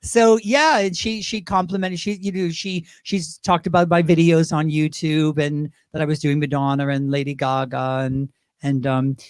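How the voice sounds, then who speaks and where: Chatty drag performer, dry sound. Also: male voice, on the high side, flat delivery, normal speed, clean tone, no room sound. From Great Britain. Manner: chatty, rambling, slips into impressions. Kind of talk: casual interview storytelling.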